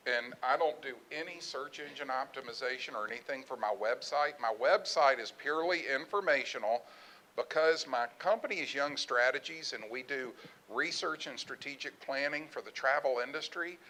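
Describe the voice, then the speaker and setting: A middle-aged man speaking at a presentation about his research business, telling lively anecdotes and acting out what others said. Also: mid-range voice, moderate pace, slight background noise, low-quality recording. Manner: animated storyteller, acts out quoted voices. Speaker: conference speaker, research firm owner.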